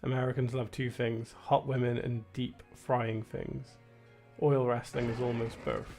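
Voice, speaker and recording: A man's voice: mid-range voice, little pitch movement, a little slow, a little mellow. A young British man rambling wryly in casual gameplay commentary, with lots of filler words. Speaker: streamer. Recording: faint game music behind. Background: faint game music.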